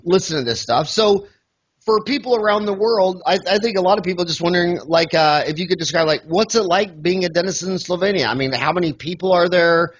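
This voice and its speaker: A man's voice: high voice, a bit bright, muffled recording. A man from the United States hosting an interview in a joking, rambling way with many fillers. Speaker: podcast host. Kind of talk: casual interview.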